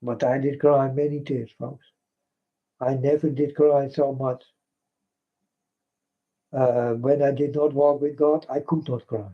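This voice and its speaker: A man's voice: medium pitch, little pitch movement, a little slow, pauses often. A man whose first language is Dutch, speaking in an earnest, repetitive monologue and often addressing listeners as folks. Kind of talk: impassioned spoken monologue. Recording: dull lo-fi recording.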